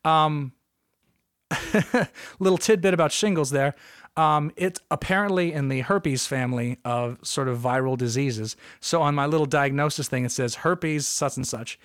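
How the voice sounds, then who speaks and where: A man with a slightly high voice hosts a comedic solo podcast. He rambles through stories full of asides and jokes, recorded close and dry with no room sound. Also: moderate pace, clear, resonant tone, no echo. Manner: rambling, jokey, animated, with frequent asides. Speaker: podcast host.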